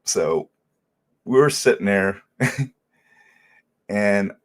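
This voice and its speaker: A middle-aged man hosting a casual livestream, telling animated stories and laughing often. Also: fairly low pitch, drawn-out words. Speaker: livestream host.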